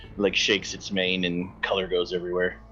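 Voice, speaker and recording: Low-voiced man running a tabletop game. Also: completely flat delivery, a little fast, bright, forceful tone. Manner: descriptive, rambling, self-correcting. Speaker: game master. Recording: dull lo-fi mic with faint music.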